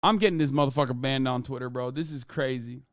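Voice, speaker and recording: A male livestream host giving animated, profane reaction commentary over a played clip. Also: mid-range voice, fast talker, no echo, clean studio sound.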